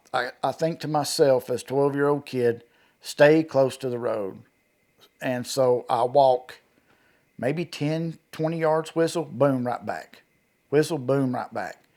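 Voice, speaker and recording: A man with a drawl tells a frightening story from his own life at a middling pitch. He retells it vividly, stumbling over restarts and acting out the quotes. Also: a little mellow. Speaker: eyewitness guest. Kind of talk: telling a personal encounter story.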